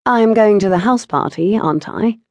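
A woman voicing a bookish, level-headed woman in her twenties who reasons calmly with her mother. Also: medium pitch, moderate pace, dry recording, voice pushed up, lightly acted. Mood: firm. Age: 20s.

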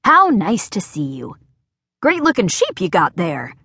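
Mister Nuggy, a woman doing a slow genial old man. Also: medium pitch, huge pitch swings, gravelly, a bit bright, husky, no echo, studio quality, voice pushed down, heavily acted. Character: kindly magical male farmer creature, fairy godmother.

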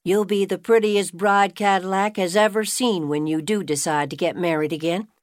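A woman narrator voicing a young beauty shop owner who chats brightly and goes quiet when uneasy. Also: on the low side, steady tone, moderate pace, dry recording, clean studio sound, natural voice. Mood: chatty.

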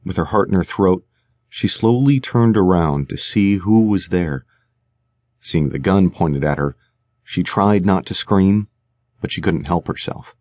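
A man narrating a suspense audiobook in a measured, tense manner. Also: low-pitched, a little mellow, no echo. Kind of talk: scripted narration. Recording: dry studio recording.

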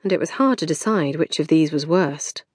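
A woman's voice: deep voice, normal speed, slightly rough, no room sound. A woman narrating a novel as an audiobook reader, telling the story expressively in a recording studio. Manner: expressive storytelling, varied intonation.

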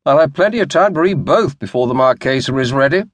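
A man's voice: mid-range voice, lively intonation, fast talker, no room sound, lightly acted. A man voicing a young naval officer and lord who speaks to his servant sternly but patiently. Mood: dry. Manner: stern, dry.

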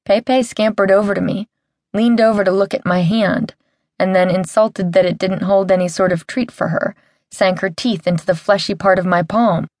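A woman's voice: mid-range voice, moderate pace, no room sound, studio quality. A woman narrating a first-person audiobook in a wry, comic storytelling manner. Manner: wry, comic storytelling with lively character voices.

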